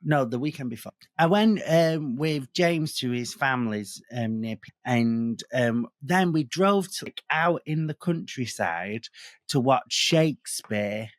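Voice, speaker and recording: A man with a Manchester accent, co-hosting a podcast and telling animated, sweary stories in casual chat. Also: mid-range voice, measured pace, no echo, studio quality. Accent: Manchester English. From Northern England. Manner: animated storyteller who swears freely. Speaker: podcast co-host.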